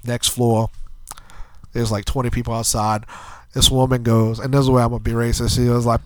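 A man's voice: mid-range voice, level tone, a little fast, dry recording. A man with a congested, nasal voice from a cold, telling a crude, rambling story on a podcast into a handheld mic. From New Orleans area. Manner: crude, rambling anecdote with frequent asides. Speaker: podcast co-host. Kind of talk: casual storytelling.

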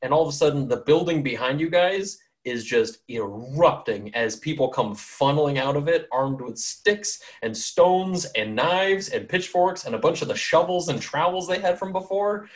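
A man's voice: a little high, lively intonation, normal speed, hardly any pauses. A man hosting a tabletop game podcast, narrating casually with many fillers and frequent laughter. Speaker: game master and podcast host.

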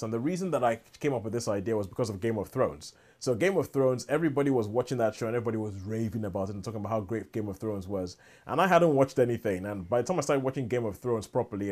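A man talks casually as a podcast co-host, in a mid-pitched voice. He rambles, doubles back and chases tangents as he goes. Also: darkish tone. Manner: rambling, with many restarts and asides. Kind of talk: casual chat.

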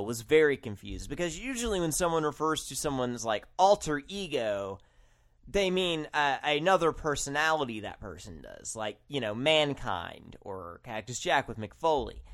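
A man co-hosting a podcast, musing in slow, animated casual chat with fillers. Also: medium pitch. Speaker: podcast co-host.

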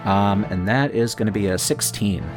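Male tabletop player, lowish voice, casual, music faint behind. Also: normal speed. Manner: casual with hesitant fillers. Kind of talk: tabletop game play.

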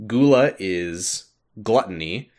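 A man with a low voice hosts a casual podcast recap. His pitch swings widely as he tells the story with animated energy. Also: slow pace. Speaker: podcast host.

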